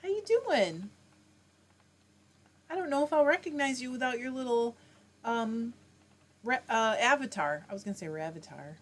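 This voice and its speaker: A woman's voice: fairly high pitch, a little fast. Chatty woman hosting a live chat. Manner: chatty, reads viewer comments aloud and answers them. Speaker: livestream host reading chat. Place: home, fiber arts livestream.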